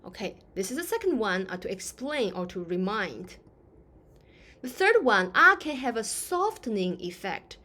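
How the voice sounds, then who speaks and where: A woman's voice: medium pitch, big pitch swings, normal speed, bright, forceful tone. A woman teaching a lesson in English, explaining patiently with many fillers and acting out example phrases. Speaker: Chinese language teacher.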